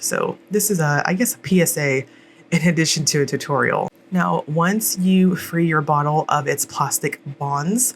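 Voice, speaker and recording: A woman's voice: deep voice, a little hiss or hum. A woman chatting casually through a product unboxing, rambling with fillers and poking fun at herself. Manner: jokey, laughs at herself. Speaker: nail polish reviewer.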